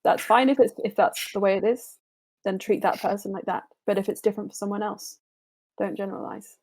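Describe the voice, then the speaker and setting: Spoken by a woman game master, an earnest character offers grave, measured counsel in a voice with a gravelly edge. The delivery is cautionary and steady, close to the performer's natural voice. It suits a tabletop role-playing session. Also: mid-range voice, close to an everyday voice.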